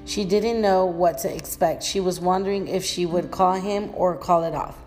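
A woman's voice: lowish voice, fairly even intonation, normal speed, darkish tone, faint music behind. A woman reading a story aloud in a plain manner, with small slips and restarts.

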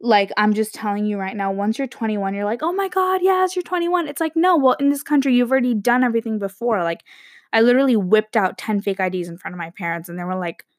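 A young woman in her early twenties, chatting casually and rambling, with lots of "like" and quick self-interruptions. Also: medium pitch, fairly even intonation, no echo, studio quality. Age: young adult. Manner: rambling, chatty, heavy use of "like", frequent laughs and self-interruptions. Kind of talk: casual monologue to camera.

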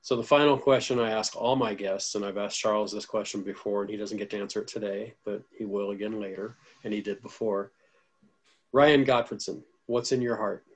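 Male podcast host, low voice, sincere, heartfelt wrap-up delivery. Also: fairly even intonation, brisk, breathy edge, low-quality recording. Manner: warm, earnest, gets emotional. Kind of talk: casual interview chat.

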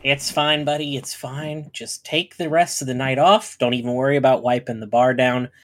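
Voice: mid-range voice, fairly even intonation, normal speed. A player at a tabletop role-playing game, joking in a laid-back way. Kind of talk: casual chat at a game table.

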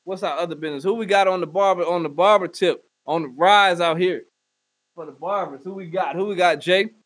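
A man delivering a loud, profane comedic rant and often slipping into mock voices. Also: high voice, a little fast, no echo. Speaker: comedy podcast host. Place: Northwest Arkansas.

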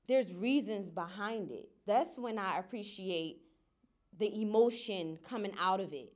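A young woman speaking in a casual group discussion, candid and expressive about her feelings. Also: mid-range voice. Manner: candid, expressive, self-aware.

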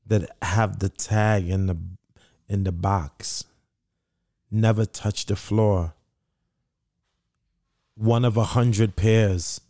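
A man's voice: on the low side, dark tone, no echo, clean studio sound. A middle-aged man, telling his story in an interview in an earnest voice that repeats itself and acts out quoted dialogue. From Brooklyn, New York. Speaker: founder of a sneaker charity.

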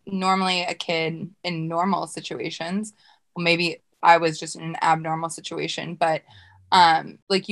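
A woman's voice: lowish voice, vocal fry, fairly bright tone. Chatty enthusiastic woman co-host. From United States. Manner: chatty and enthusiastic, often repeating words. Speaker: podcast co-host. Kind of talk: casual chat.

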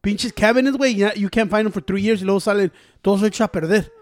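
High-pitched guy, rapid profane chat, english and mixed, dry close sound. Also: no echo. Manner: rapid, profane, switches between English and Spanish. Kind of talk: casual chat. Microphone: studio mic.

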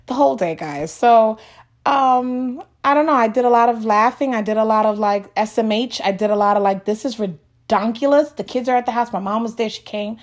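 A woman in her thirties from the United States, chatting to viewers in a casual storytelling vlog, animated and often laughing as she talks. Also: fairly high pitch, a little fast. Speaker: vlogger.

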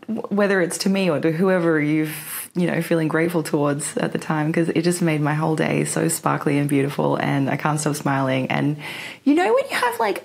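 A woman's voice: deep voice, creaky, breathy edge. A young woman hosting a podcast from her bedroom floor, chatting casually with lots of fillers and giggles. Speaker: podcast host. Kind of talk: casual chat.

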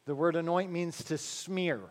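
A male pastor with a fairly high voice preaches a sermon, moving between slow, weighty phrases and quick conversational stretches. He drops in joking asides and keeps checking in with his listeners. A faint hum sits under the recording. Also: fairly even intonation. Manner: slows to stress key phrases, then rattles along quickly.

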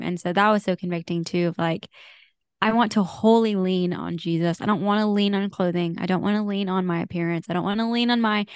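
A woman's voice: mid-range voice, steady tone, brisk, smooth, no echo, clean studio sound. A woman co-hosting a faith podcast, talking in an earnest, confessional way with fillers and small laughs. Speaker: podcast co-host. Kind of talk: casual faith chat.

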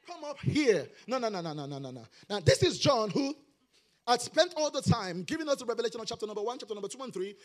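A middle-aged male pastor preaching a sermon, rising into shouted, sing-song emphasis. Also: very high voice, big pitch swings, fast talker.

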